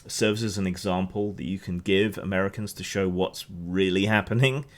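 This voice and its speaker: A man's voice: deep voice, steady tone, normal speed. A man with a Hampshire accent giving casual, opinionated news commentary on a stream, rambling and restarting often. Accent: Hampshire English. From England.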